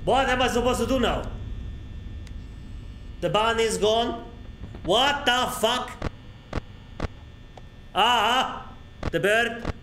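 A man's voice: very high voice, takes it slowly, long pauses, fairly bright tone, a little hiss or hum. A male streamer reacting to a horror game, crude and panicky, swearing and yelping at every scare.

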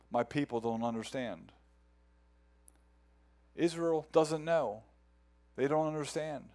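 A man's voice: mid-range voice, slow pace, pauses often, darkish tone. Earnest male pastor preaching. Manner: earnest, repeats words as he builds a point. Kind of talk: sermon.

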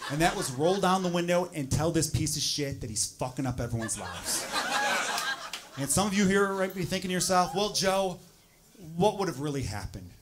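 A man doing a stand-up set on a club stage into a handheld mic, talking bluntly and profanely and building to loud rants. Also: a little high, expressive, a little fast, very noisy. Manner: straight-shooting, profane, building to loud ranting. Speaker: stand-up comedian.

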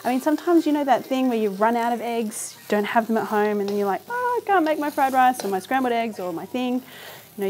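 A woman in her thirties hosts a cooking show from her home kitchen, talking casually and enthusiastically through the recipe and laughing often. Her voice is on the high side with a darkish tone.

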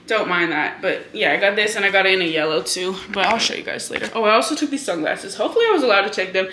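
A woman in her twenties, from Hawaii, chatting fast and heatedly to camera in a casual vlog, full of profane storytelling. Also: mid-range voice, bright, forceful tone. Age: 20s. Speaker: vlogger. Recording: echoey room with faint noise.

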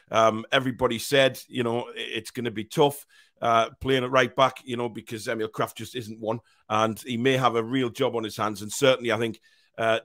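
Croaky man hosting a football watch-along. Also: medium pitch, a bit bright, dry recording, clean studio sound. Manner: halting, repetitive, exasperated. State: hoarse, croaky. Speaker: host.

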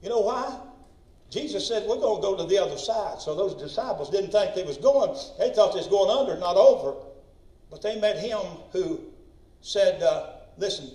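A man preaching a sermon as pastor, impassioned and rising to shouts when he tells a story. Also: high voice. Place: church sanctuary. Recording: echoey church from far off.

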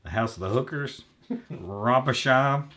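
A man's voice: mid-range voice, unhurried, fairly bright tone. A man co-hosting a podcast, casually and crudely bantering while he opens trading card packs and mangles the card names on purpose. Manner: profane, mock-mispronounces card names. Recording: audible background noise, crinkling packs. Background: crinkling card wrappers.

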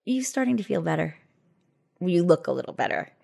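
A woman's voice: fairly low pitch, very animated, brisk, vocal fry, mellow, exaggerated voice. An actress playing a blunt, wisecracking female friend who gives tough love. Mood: wry. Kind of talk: comedy sketch acting.

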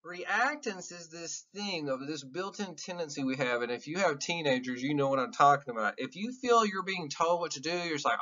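A man's voice: a little high, lively intonation, a little fast, few pauses, bright, forceful tone, muffled recording. Blunt Southern man lecturing. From American South. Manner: loose, blunt, swears and acts out voices. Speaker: college instructor. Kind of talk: casual classroom lecture.

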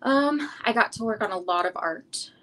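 A middle-aged woman talks about her art in a loose, unhurried way, filling pauses with ums. Her voice sits at an ordinary mid pitch. The talk wanders easily from one thing to the next. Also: rough recording. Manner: relaxed, rambling, frequent ums. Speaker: artist guest. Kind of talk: casual interview chat.

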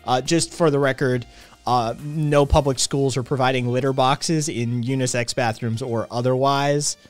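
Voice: mid-range voice, steady tone, moderate pace, faint music behind. A livestream host reading news headlines aloud in a casual, profane, unscripted way.

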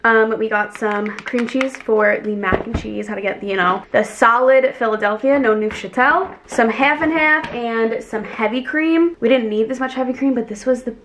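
A woman vlogging in a casual, chatty way, bubbly and easily excited as she talks through her shopping and cooking. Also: a little high, normal speed, hardly any pauses, a little hiss or hum. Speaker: lifestyle vlogger. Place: shops, car and home kitchen. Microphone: camera mic, handheld then tripod.

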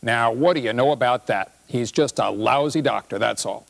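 A man's voice: mid-range voice, normal speed, creaky, close to an everyday voice. A man reading a play aloud, voicing an indignant older man complaining about his doctor.

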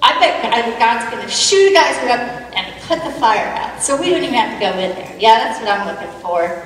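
An eager, wonder-struck young Meshach talking to God , played by a woman preacher. The voice sits high, and it rings through a big echoey hall from some distance. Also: fairly quick, a little hiss or hum, lightly acted. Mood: hopeful. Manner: excited, wondering, talks to God aloud. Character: Meshach, young man in the furnace, eager and awed. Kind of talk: dramatic monologue in a sermon.

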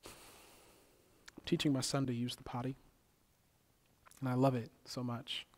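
Male pastor, sermon, repetitive preacher cadence, near-whispers to loud calls, flat pitch. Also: slow. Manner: swings from loud exhortation to whispered intensity.

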